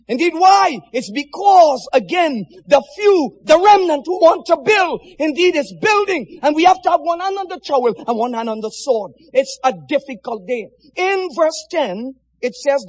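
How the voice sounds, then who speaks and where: A man preaching a sermon with passion, swinging from shouted lines to hushed, quiet ones. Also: extremely high pitch, lively intonation, normal speed, big-room sound, rough recording. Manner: impassioned, swinging from shouts to near-whispers.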